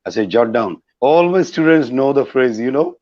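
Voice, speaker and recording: A man's voice: mid-range voice, lively intonation, normal speed, warm tone, no echo. A middle-aged man with a Bangladeshi English accent, teaching about language learning in a repetitive lecturing manner, with many fillers. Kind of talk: explanatory talk on language learning. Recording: dull lo-fi dry sound.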